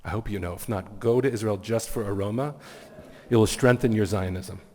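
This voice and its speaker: A man speaks as a rabbi delivering an earnest, reflective keynote in a fairly low voice. His words carry a long reverb from a large event hall. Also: fairly quick, dark tone. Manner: reflective, earnest, blessing-giving. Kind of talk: keynote sermon with storytelling.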